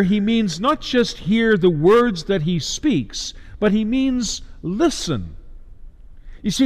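A man delivering a sermon as a preacher, measured, with emphatic rises and slowed stresses. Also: fairly high pitch, in a large hall.

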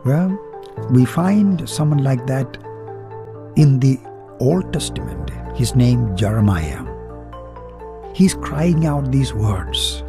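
A man's voice: mid-range voice, expressive, slow pace, long pauses. A man giving a devotional radio message as a minister, solemn and emphatic. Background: music.

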